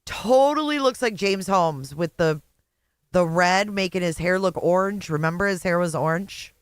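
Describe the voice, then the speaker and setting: Middle-aged stream host from Indiana, blunt and profane, mid pitch, dry close mic. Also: moderate pace, clean tone, no echo. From Indiana, USA. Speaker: channel host. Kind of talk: live reaction commentary.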